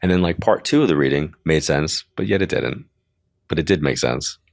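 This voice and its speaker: Older male medium, very deep and close-miked, chatty storyteller who acts out voices in his anecdotes. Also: expressive, moderate pace, gravelly, dry recording. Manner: chatty, full of "like" asides. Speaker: psychic medium. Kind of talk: interview storytelling.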